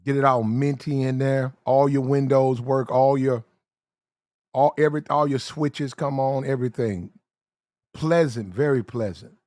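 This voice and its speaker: A man giving blunt, slang-heavy dating advice in casual talk, drawing out his words slowly when he lists details. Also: medium pitch, level tone, a little mellow, dry recording, studio quality.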